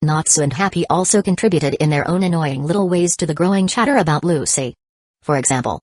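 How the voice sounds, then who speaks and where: Woman reading an audiobook, low voice, super dry close sound. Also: brisk, darkish tone, dry recording. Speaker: audiobook narrator. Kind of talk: scripted narration.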